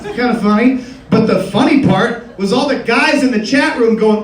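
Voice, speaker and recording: Young male stand-up comic, high-pitched, crude and rambling, roomy live club audio with crowd noise. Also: normal speed, distant mic. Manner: crude, rambling, conversational, swears a lot. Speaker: stand-up comedian. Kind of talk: stand-up comedy set. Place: live comedy club stage with audience. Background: audience laughter.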